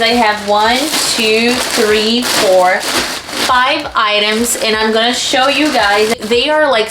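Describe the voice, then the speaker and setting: Young woman vlogger, Portuguese native, unhurried excited gushing, echoey room with faint hiss. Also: fairly high pitch. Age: young adult. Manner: gushing, lots of exclamations. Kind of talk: excited unboxing vlog.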